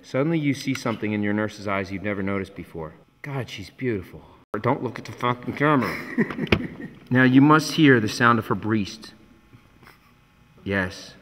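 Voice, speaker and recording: A man's voice: on the low side, lively intonation, moderate pace, fairly bright tone, in a large hall, a little hiss or hum. A man directing actors on a film set, barking profane, mock-dramatic instructions. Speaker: music video director.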